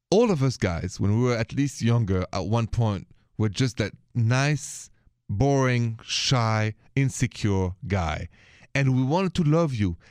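A man's voice: mid-range voice, a little mellow, no echo, studio quality. A middle-aged man with a French accent hosting a late-night call-in radio show, emphatic and fond of French greetings. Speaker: radio talk show host.

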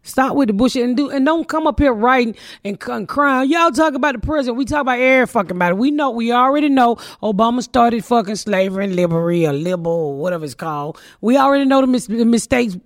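A middle-aged woman hosting a podcast, loud and profane, telling stories in casual chat. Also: fairly high pitch, fast, few pauses, dry recording, studio quality. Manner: loud, profane, animated storytelling. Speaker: podcast host.

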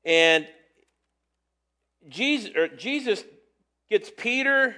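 Casting: high-pitched male preacher, easygoing and folksy, teaching with chuckles. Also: expressive, slow pace, bright, forceful tone. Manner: folksy and conversational, with chuckles and playful asides. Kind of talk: casual sermon.

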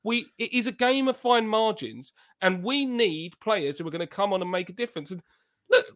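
A man's voice: sits high, animated, normal speed, fairly bright tone. A man, a football podcast pundit talking in heated, emphatic casual chat and repeating his points.

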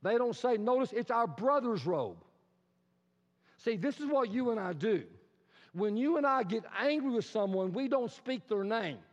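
A man with a notably high voice preaches a sermon, spinning the story out with animated asides and rhetorical questions. A long echo carries his words across the church sanctuary, and the recording sounds dull and lo-fi. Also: normal speed. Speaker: pastor. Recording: reverberant hall, dull lo-fi sound.

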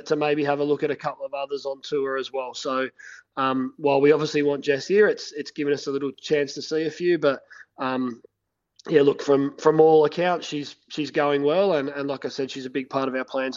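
A man who is a cricket head coach, being interviewed and speaking in a halting way, full of fillers and restarts. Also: medium pitch, flat delivery. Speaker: head coach of a national women's cricket team. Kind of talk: phone interview. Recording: dull lo-fi phone line.

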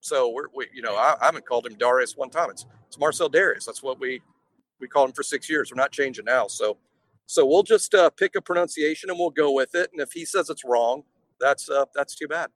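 A man's voice: mid-range voice, a little fast, fairly bright tone, low-quality recording. A man co-hosting a casual sports podcast, speaking in a wry, laid-back way and often stumbling over repeated words. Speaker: podcast co-host.

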